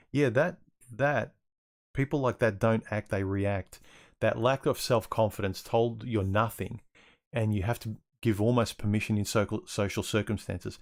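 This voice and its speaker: Australian male livestream host, lowish voice, musing, restarts often, reads chat aloud.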